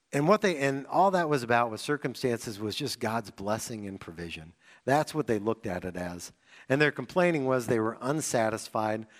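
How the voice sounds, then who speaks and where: Young man preaching with lively bursts. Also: on the low side. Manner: animated storytelling with sudden excited bursts. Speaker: pastor. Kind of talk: sermon.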